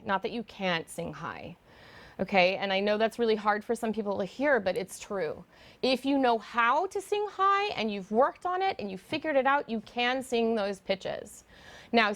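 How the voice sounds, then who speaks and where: Teaching singing online, a middle-aged woman vocal coach with a slightly high voice keeps things chatty. Her explanations are sprinkled with fillers and backed by demonstrations.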